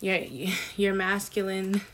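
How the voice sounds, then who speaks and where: A woman giving a casual tarot reading to her viewers, chatty and slangy with excited asides. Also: mid-range voice, slow, background noise. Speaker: tarot reader.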